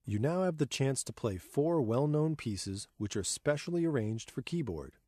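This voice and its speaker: A man reading a scripted keyboard lesson in a measured, clear way, counting beats and rhythm words aloud in time. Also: mid-range voice, lively intonation, warm tone, no echo, studio quality. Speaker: keyboard instructor. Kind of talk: scripted instructional narration.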